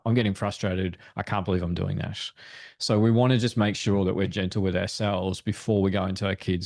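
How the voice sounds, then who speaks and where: A man's voice: deep voice, darkish tone, dry recording, clean studio sound. A man speaking as a parenting expert guest in a webinar discussion, explaining in an earnest way. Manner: earnest, explanatory, acts out quoted thoughts.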